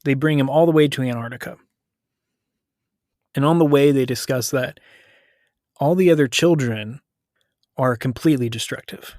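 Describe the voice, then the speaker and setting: Guy on a podcast retelling a plot, chatty and loose, average pitch, very dry sound. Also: darkish tone, no room sound. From United States. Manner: conversational, loose, self-correcting retelling with quick paraphrased quotes. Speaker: podcast host retelling a story. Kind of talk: casual storytelling recap.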